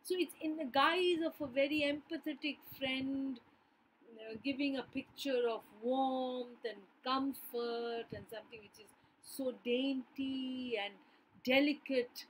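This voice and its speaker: A woman's voice: high-pitched, fairly even intonation, unhurried, a little hiss or hum, poor audio. A woman teacher explaining a poem line by line, often asking her listeners rhetorical "yes?" questions.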